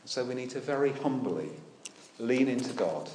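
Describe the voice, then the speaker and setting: A man preaching a sermon, animated and full of rhetorical questions with dry humour. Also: mid-range voice, moderate pace, roomy sound, very noisy. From United Kingdom. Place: church.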